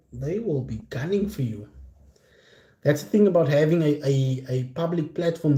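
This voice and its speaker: Dark-voiced man in an echoey room. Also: mid-range voice, moderate pace. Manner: earnest, repeats points for emphasis. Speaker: podcast host. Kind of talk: casual chat.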